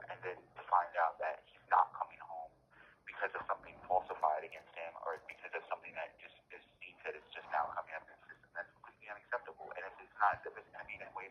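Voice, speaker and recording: A man's voice: low voice, husky. A man held in jail, talking earnestly and emphatically in an interview, often repeating and restarting his phrases. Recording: muffled phone line with faint hiss.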